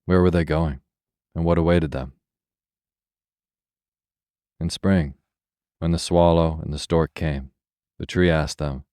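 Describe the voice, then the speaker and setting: A man reading a bedtime fairy tale aloud in a slow, soothing, even narration. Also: a bass voice, clean tone, no echo. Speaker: storyteller. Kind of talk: scripted bedtime story narration.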